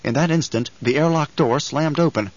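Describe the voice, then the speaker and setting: A man narrating a novel as an audiobook in an even, measured storytelling voice. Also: a little high, lo-fi sound. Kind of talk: scripted narration.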